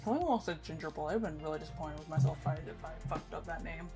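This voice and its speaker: A woman's voice: deep voice, fast talker, music in the background. A woman hosting a casual reaction livestream, rambling and correcting herself, laughing easily. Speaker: streamer host.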